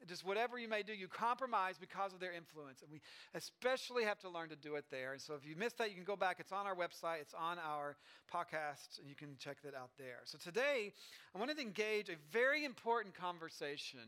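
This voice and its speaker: High, bright-voiced man preaching casually. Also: smooth. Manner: casual and chatty, with asides and restarts. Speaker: pastor. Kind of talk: conversational sermon.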